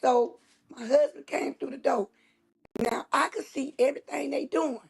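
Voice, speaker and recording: A woman's voice: sits high, steady tone, normal speed, vocal fry. A woman host, telling a story in casual chat, with emphatic, dramatic repetition. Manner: emphatic, dramatic retelling with repeated phrases.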